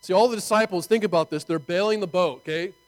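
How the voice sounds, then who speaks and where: A man preaching a sermon in an animated, conversational way, full of rhetorical asides to his listeners. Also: sits high, fast, low-quality recording. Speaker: pastor.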